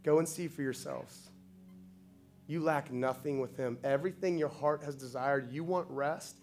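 A man's voice: on the high side, normal speed, a little mellow, soft background music. A man preaching a sermon with passion, building to emphatic, repeated lines. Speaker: pastor.

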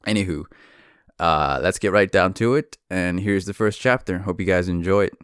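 Hosting his own podcast, a man chats casually and makes jokes at his own expense, swearing lightly, before launching into a dramatic reading of a novel. His voice is low and clean at a normal speed, recorded with studio quality and no room sound.

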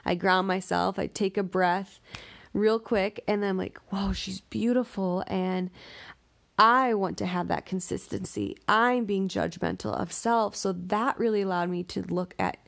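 A woman's voice: medium pitch, unhurried, gravelly, fairly bright tone. A woman giving a reflective spiritual talk, earnest and direct with the listener, building her points by repetition. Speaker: spiritual speaker.

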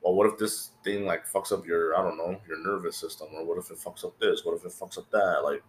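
Man, very low voice, casual podcast host, rambling, profane, roomy echo. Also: steady tone, a little fast, a little hiss or hum. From California. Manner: rambling, swears a lot, acts out quoted friends.

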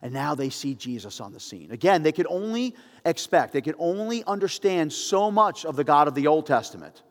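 Conversational pastor in a reverberant hall. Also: male voice, fairly high pitch, fairly quick. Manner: storytelling, conversational, animated asides. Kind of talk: sermon.

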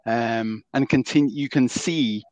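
A man narrating as game master in a tabletop role-playing game, pausing often with ums and restarts. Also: mid-range voice, darkish tone, no echo, muffled recording. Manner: halting, many ums and restarts.

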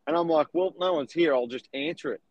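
A young man, a real estate agent and podcast co-host, telling stories in an animated, casual way. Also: a little high, fast talker, no room sound, highs cut off. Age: young adult. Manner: animated storytelling with laughs. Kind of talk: casual chat.

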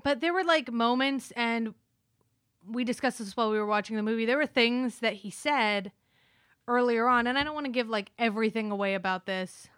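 Chatty woman with a smooth, clear voice. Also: a little high, fairly quick, fairly bright tone, dry recording, studio quality. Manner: chatty, filler-heavy, retells scenes with quoted dialogue. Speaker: podcast co-host. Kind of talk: casual movie review chat.

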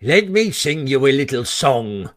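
A man voicing a pompous male weasel chief who gives a speech in a high, squeaky voice. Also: very animated, a little slow. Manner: pompous after-dinner speaker.

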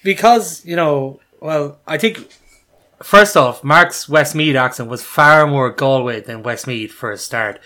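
Higher-voiced man, joking. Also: unhurried, pushed and bright. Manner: joking, laughs often. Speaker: podcast co-host. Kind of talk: casual chat.

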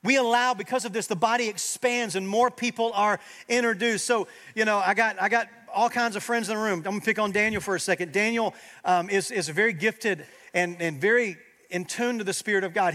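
A man preaching a sermon as pastor, swinging from loud emphatic peaks to quiet, earnest low passages. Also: brisk. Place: church sanctuary.

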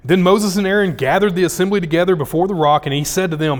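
A man preaching a casual, jokey sermon, acting out scripture quotes with dramatic swings in loudness and pitch. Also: fast talker, hardly any pauses. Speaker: pastor.

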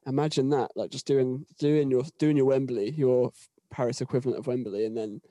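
A man's voice: medium pitch, steady tone, brisk, mellow, no room sound. A young British man, a touring musician, telling a rambling anecdote in casual chat, repeating words as he goes. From Britain.

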